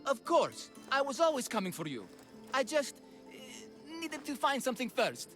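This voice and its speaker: Bumbling boastful dad in a bull suit, high lively voice, big over the top delivery, music under it. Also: male voice, measured pace, full character voice. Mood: tender. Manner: theatrical, blustering, comic. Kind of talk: game cutscene acting. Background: game score music.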